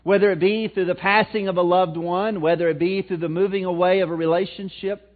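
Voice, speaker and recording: A man with a Missouri accent preaching a sermon in a folksy way, swinging between loud emphatic lines and low, quiet ones. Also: fairly even intonation, brisk. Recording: tinny phone-like sound, mic cutting out.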